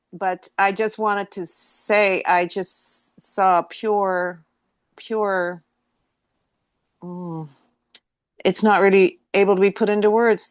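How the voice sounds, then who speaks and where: A woman from Newfoundland and Labrador, Canada, sharing in a workshop over a video call and searching haltingly for words. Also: lowish voice, no room sound. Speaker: workshop participant.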